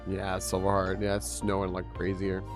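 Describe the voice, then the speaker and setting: A man's voice: low-pitched, monotone, brisk, music in the background. A young man streaming a game, chatting casually, laughing and greeting his chat.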